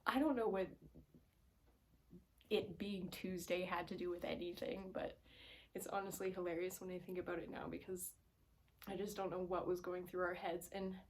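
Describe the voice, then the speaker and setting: A young woman with a slightly low voice tells a story at home in a loose, rambling way. Her sentences are full of "like" and "um", and she sometimes drops to a whisper. She speaks straight into a camera aimed at her face. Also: little pitch movement, normal speed, pauses often, a little hiss or hum. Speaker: vlogger. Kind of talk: casual storytime.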